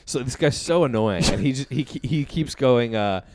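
A young man, a comedian and podcast host, telling an animated story in casual chat, laughing and acting out the people in it. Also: medium pitch, normal speed, crowd noise.

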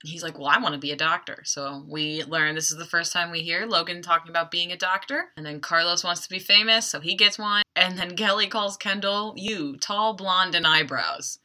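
Woman podcaster chatting thru an episode recap, really bright voice, lowish pitch, wry little asides. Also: fairly even intonation, a little fast, few pauses. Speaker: podcast host.

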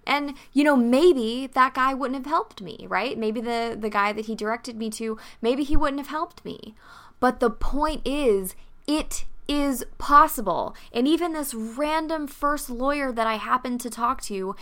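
A woman's voice: on the high side, unhurried, a bit bright. A woman vlogger telling a story and giving emphatic, motivational advice to dancers.

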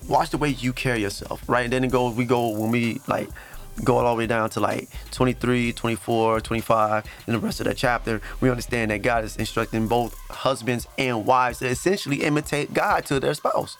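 A man's voice: medium pitch, steady tone, fairly quick, a bit bright, faint music behind. A man hosting a faith podcast, talking earnestly and reading scripture aloud, with fillers and restarts and moments where he is close to tears. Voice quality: emotional, near tears at times. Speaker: podcast host.

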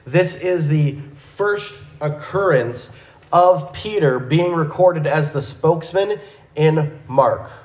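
A man teaching a Bible lesson, working through the text step by step. His delivery is slow and deliberate, his voice sits a little high, and the room around him rings with echo. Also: a little mellow. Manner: measured, methodical, with small restarts.

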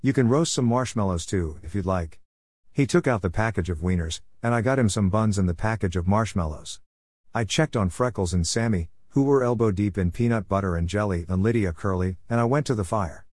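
A man narrating a storybook in a steady, plain reading voice. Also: lowish voice, a little fast, no room sound, clean studio sound.

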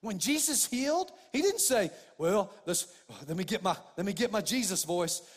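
Male pastor, higher register, fervent and repetitive preaching, big reverberant hall. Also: very animated, brisk, breathy edge. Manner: fervent, rising in pitch and volume when stressing points; repeats and restarts phrases, addresses listeners as "man, guys". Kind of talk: sermon.

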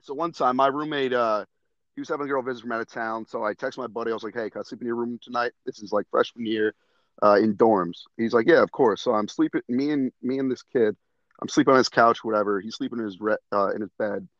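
A young man chatting on a podcast, animated and quick to laugh as he tells a story. His voice sits at a middling pitch, recorded close and dry with a slightly dull, muffled tone. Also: no echo. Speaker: podcast guest. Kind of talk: casual podcast chat.

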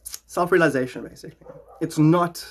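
A man's voice: a little high, normal speed. A man hosting a podcast, rambling in a jokey, philosophical way. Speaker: podcast host. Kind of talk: rambling casual talk.

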